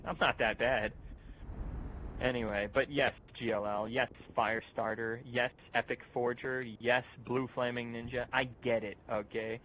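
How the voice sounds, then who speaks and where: A young man rants with sarcastic scorn at his critics, swearing freely and chuckling at his own put-downs. His voice sits in an ordinary middle register, with a faint low rumble beneath the recording. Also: a bit bright, rough recording. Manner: mocking, profane, sarcastic, laughs at own jokes. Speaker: youtuber ranting at other channels. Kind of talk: profane rant to camera.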